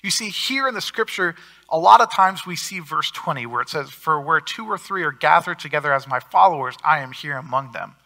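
Bright, gravelly-voiced pastor preaching. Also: male voice, a little high, lively intonation, brisk. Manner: earnest preaching with swings in loudness for emphasis. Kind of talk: sermon.

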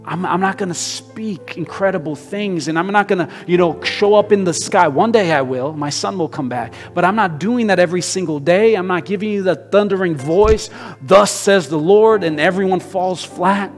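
A tender, coaxing God who calls people close, put on by a male preacher. The man's voice sits slightly high and trails into a long church-hall reverb. Faint guitar plays underneath. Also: moderate pace, close to an everyday voice. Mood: emphatic.

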